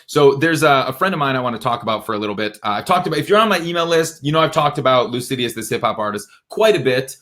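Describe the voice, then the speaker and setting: A young man giving an energetic, emphatic livestream talk to musicians, dropping into low asides and jumping up into bright exclamations. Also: fast talker, few pauses. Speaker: music industry educator.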